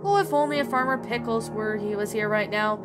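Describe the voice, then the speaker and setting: A jittery male scarecrow, played by a woman storyteller, asks his questions in a high, worried voice. He sounds uneasy and nervous, with music behind him. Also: fairly quick, lightly acted. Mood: bored. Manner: worried, raised voice. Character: bored, anxious male scarecrow. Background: background music.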